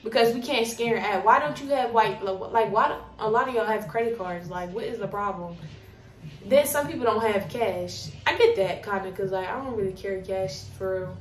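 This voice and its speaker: A young woman working at a coffee shop tells a storytime in a blunt, animated and profane way. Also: medium pitch, a little fast. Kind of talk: casual storytime. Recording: roomy, distant from mic, faint noise.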